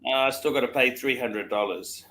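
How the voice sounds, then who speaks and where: A man hosting a casual livestream chat about watches, laughing often and repeating himself when excited. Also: mid-range voice, normal speed. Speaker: livestream host.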